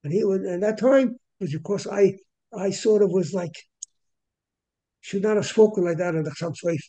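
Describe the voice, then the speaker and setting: A man teaching a Torah class who often repeats his words and clears his throat between phrases. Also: sits high, normal speed, dark tone, low-quality recording.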